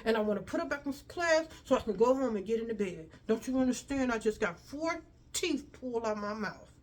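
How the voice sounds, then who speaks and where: A woman's voice: fairly high pitch, expressive, fairly quick. A woman voicing a grumpy grown woman who poses as a mother, curt and impatient and claiming her mouth is sore. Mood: stubborn.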